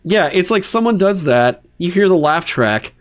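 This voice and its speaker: A man hosting a livestream, talking casually and swearing in exasperated, animated rants. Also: high-pitched, normal speed, faint music behind. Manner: animated, profane ranting with exasperated asides. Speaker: streamer hosting a dungeon design stream.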